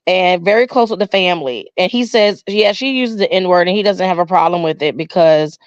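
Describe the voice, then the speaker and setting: A woman's voice: fairly low pitch, fairly quick, no room sound. Chatty woman co-host, dull dry sound. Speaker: podcast co-host. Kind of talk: casual storytelling chat.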